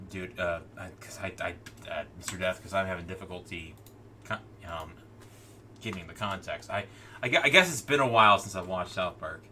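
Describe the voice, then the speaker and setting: A man with a deep, forceful, bright-edged voice talks casually on a live stream. He rambles, restarts his sentences with stammers, and mutters to himself as he works at his desk. Faint keyboard typing sits behind him. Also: distant mic, a little hiss or hum. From United States. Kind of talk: casual commentary while working.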